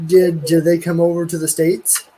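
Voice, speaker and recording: A man's voice: a little high, level tone, moderate pace, dark tone, breathy edge, rough recording. A man hosting a casual live chat, hesitant and repeating words as he asks things. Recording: faint background noise.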